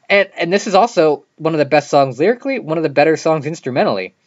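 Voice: mid-range voice, expressive, fast, muffled recording. Chatty podcast host with filler words. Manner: chatty, many "like" fillers and restarts. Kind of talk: casual album review monologue.

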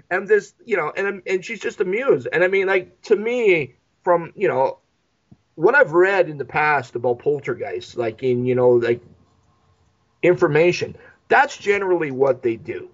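Animated man acting out movie scenes. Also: a little high, normal speed, lo-fi sound. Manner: animated, acts out characters in quoted voices, swears freely. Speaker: podcast co-host. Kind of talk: casual movie discussion.

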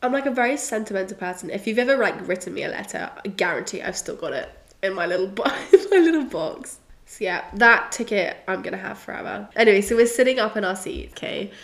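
A woman's voice: medium pitch, lively intonation, fast. A young woman from England, hosting a podcast, chatting and telling a story with lots of giggles and fillers. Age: young adult. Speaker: podcast host. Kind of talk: casual storytelling monologue.

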